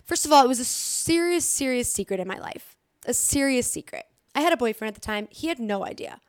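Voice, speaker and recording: This young recovery vlogger has a fairly quick, expressive voice on the high side, speaking directly to her viewers with blunt motivation. She swears often and repeats phrases for emphasis, in clean studio audio with no room sound.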